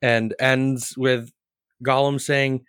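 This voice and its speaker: A man's voice: medium pitch, little pitch movement, takes it slowly, a bit bright, clear, resonant tone. A man hosting a casual podcast, chatting and joking with his co-hosts. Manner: jokey, riffs with silly put-on voices. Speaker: podcast host. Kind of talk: casual chat.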